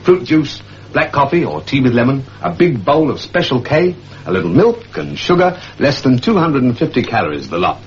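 A man's voice: mid-range voice, big pitch swings, normal speed, lo-fi sound. A man narrating a 1970s TV advert in a friendly, chatty way.

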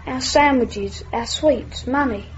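A young actor playing a timid, frightened schoolboy who is being bullied. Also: female voice, high voice, slow, dull audio, a little hiss or hum. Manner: timid, hesitant.

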